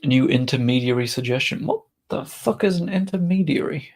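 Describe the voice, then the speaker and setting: Young guy, gravelly voice, mutters casual game commentary, swears offhand. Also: mid-range voice, expressive, a little fast, darkish tone. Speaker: gaming streamer.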